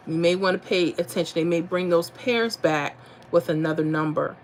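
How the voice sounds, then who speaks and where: A woman's voice: on the low side, fairly even intonation, normal speed, slight background noise. A woman hosting a casual livestream, reading out viewer comments and talking through number patterns aloud. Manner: chatty, reads viewer comments, thinks aloud over numbers. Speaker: lottery livestream host.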